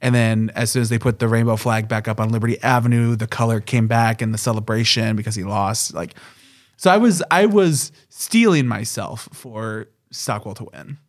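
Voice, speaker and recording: A man's voice: medium pitch, moderate pace, no room sound, studio quality. A man co-hosting a podcast, talking things through in a thoughtful, analytical way. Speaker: podcast co-host. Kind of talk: casual chat.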